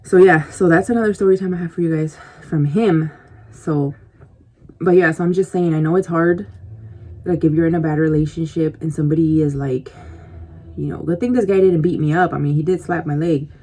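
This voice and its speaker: Fairly quick, low and warm, her voice holds a steady tone. She's a woman vlogging to camera over snacks, telling a casual, rambling story full of "like" and "you know" and confiding in viewers, captured with a compact camera mic.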